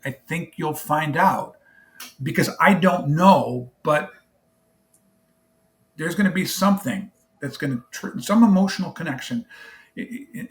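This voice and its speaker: A middle-aged man, a charity founder, telling an emotional story in an interview and acting out both sides of a phone call. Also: a little high.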